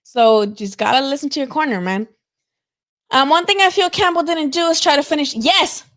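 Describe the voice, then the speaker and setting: A woman hosts a live boxing talk stream, chatting casually and animatedly, swearing freely and filling with "like" and "you know". Her voice sits high and is a bit bright, at a moderate pace.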